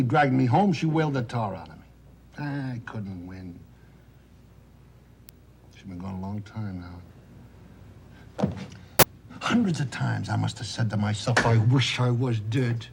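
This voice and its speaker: An actor playing a loud, wisecracking, self-pitying middle-aged talent agent in a 1970s television drama. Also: male voice, mid-range voice, creaky, a little hiss or hum, close to an everyday voice. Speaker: theatrical agent.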